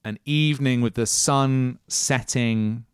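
Man, game master, musing, hesitant, smooth voice, mid pitch, dry room. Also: slow pace, dry recording. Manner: musing, hesitant with many restarts, often laughing. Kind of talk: narrating a tabletop role-playing game.

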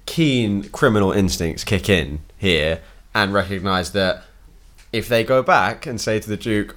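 A man's voice: lowish voice, unhurried, fairly bright tone. A man playing a tabletop game who talks bluntly and swears freely. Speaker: player.

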